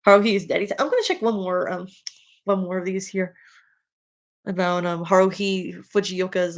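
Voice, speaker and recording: A woman's voice: fairly low pitch, steady tone, moderate pace. A woman with a Spanish accent, a streamer talking in a casual, rambling way. She speaks her mind bluntly and fills her talk with ums and restarts. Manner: rambling, with many fillers and restarts; outspoken and exasperated. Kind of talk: casual rambling commentary while reading fan fiction.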